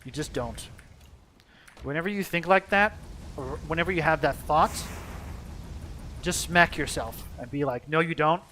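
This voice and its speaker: A man's voice: on the high side, a little slow, pauses often, sharp tone, a little hiss or hum. A young man from Finland giving casual gameplay commentary, swearing freely, joking and talking to his character. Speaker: let's play gamer.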